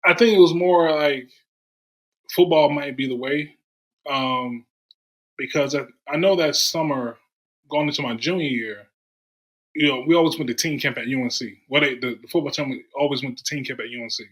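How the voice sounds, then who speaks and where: A man from Durham, North Carolina, sits as a podcast guest and talks through his stories in an easy, casual way. His voice is bright and forward, and he slips into the voices of people he quotes. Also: mid-range voice, moderate pace, poor audio. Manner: animated storyteller, acts out quoted voices. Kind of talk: casual storytelling chat.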